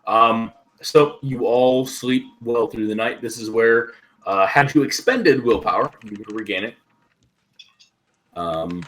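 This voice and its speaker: A man running a tabletop role-playing game as game master, talking slowly with many ums and pauses. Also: on the low side, a bit bright. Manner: slow, hesitant, many ums and uhs. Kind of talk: narrating a tabletop game over voice chat.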